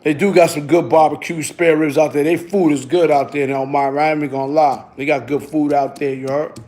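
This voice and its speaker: A man's voice: fairly high pitch, steady tone, a little fast, darkish tone. A middle-aged man telling a story in casual street slang, tagging lines with "you heard?". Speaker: vlogger.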